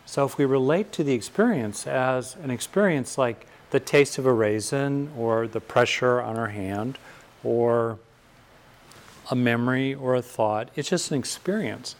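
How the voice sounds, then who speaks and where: An older American man from California giving a thoughtful, reflective talk on fear and courage, pausing often and rising in emphasis on key points. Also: medium pitch.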